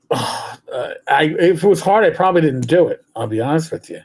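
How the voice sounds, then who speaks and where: A man's voice: fairly high pitch, expressive, moderate pace, a little mellow. A middle-aged man chats on a livestream. He rambles through long stories, stammering and restarting as he goes, and drifts into put-on voices when he tells them. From New York City. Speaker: podcast co-host. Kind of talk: casual livestream chat.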